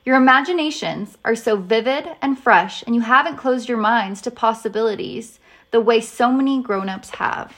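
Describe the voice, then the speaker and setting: A woman's voice: on the high side, a bit bright. Woman reading as a patient, wise old professor. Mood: earnest. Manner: slow, distinct and earnest.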